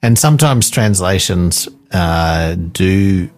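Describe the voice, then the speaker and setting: A man co-hosting a devotional chat, reflecting aloud in a thoughtful, unhurried way. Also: low-pitched, animated.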